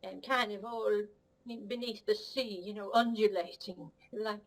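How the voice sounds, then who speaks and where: A woman's voice: medium pitch, steady tone, measured pace, close to an everyday voice, poor audio. A woman voicing a vain, cheeky female cat who rambles rudely and admires herself. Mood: cocky rambling. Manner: rambling, rude, self-admiring, giggly. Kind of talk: comic puppet-style monologue.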